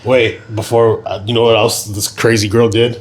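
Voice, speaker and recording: A young man with a fairly low voice co-hosts a casual podcast. He tells stories in an animated way, swears freely, and his voice rises sharply when he gets indignant. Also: moderate pace, a little hiss or hum. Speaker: podcast co-host. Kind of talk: casual chat.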